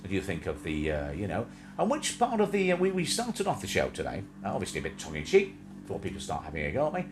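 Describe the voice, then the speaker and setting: A man co-hosting a live stream, rambling from joke to joke as he talks to viewers and to his pets. His pitch swings wildly as he chats. The audio carries steady background noise. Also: quick pace. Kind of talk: casual chat. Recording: noisy home stream audio.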